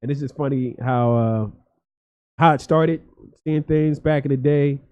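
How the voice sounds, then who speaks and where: A man's voice: mid-range voice, steady tone, unhurried, dark tone. A man from Philadelphia, a guest comedian, telling stories in a loose, profane, rambling way full of fillers. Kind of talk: casual storytelling chat. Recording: dull lo-fi podcast audio.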